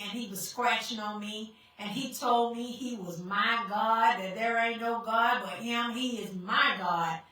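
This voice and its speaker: A woman gives a tearful testimony in a bright, raised voice. She is picked up from far off and rings through a very echoey hall. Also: a little high. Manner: addresses the crowd as y'all, tearful. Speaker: guest speaker sharing testimony. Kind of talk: emotional personal testimony. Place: church sanctuary.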